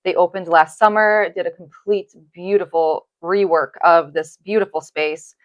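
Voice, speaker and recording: A woman's voice: on the low side, fairly even intonation, normal speed, no room sound, muffled recording. A woman hosting a podcast in an office, speaking in an effusive, gushing and emotional way. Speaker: podcast host. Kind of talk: heartfelt podcast conversation. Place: office space, indoors.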